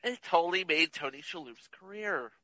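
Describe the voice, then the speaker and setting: A man's voice: fairly high pitch, lively intonation, moderate pace, sharp tone, no echo, low-quality recording. A man co-hosting a casual movie chat podcast, teasing and wry. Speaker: podcast co-host.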